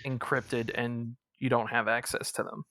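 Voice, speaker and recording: A man's voice: mid-range voice, level tone, moderate pace, sharp tone, dry recording, clean studio sound. A man acting as game master, describing scenes in a casual way with many fillers. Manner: casual, filler-heavy explaining. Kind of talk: narrating a tabletop game.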